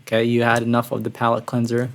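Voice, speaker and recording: A man streaming a music reaction, talking casually and excitedly, breathless and calling his viewers "bro". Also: medium pitch, fast talker, heavy background noise. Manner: excitable, says "bro" often, gushing. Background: song playing quietly.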